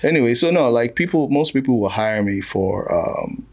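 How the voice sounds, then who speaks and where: A man's voice: mid-range voice, normal speed. A man from Nigeria, a comedian, telling jokes and stories in a casual podcast conversation. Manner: jokey, animated storytelling with voiced asides.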